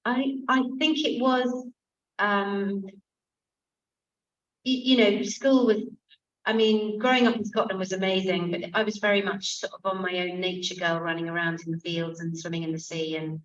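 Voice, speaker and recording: A woman in her sixties, an author and comic actress at a book event, telling stories in a lively way with quick asides. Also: medium pitch. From England. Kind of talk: conversational talk at a book event. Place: bookshop event room. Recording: distant, muffled event recording.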